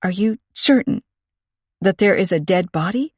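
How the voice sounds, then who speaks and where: A woman voicing a calm young woman sleuth who speaks in a steady, soothing way, in an audiobook reading. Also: medium pitch, moderate pace, no echo, clean studio sound, recorded from a distance, lightly acted. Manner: soothing, level.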